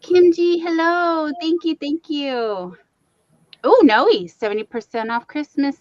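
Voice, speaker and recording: Slow-talking chatty woman host. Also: high voice, no echo, highs cut off. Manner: chatty, reads out viewer comments. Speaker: crochet livestream host. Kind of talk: casual chat to a live audience.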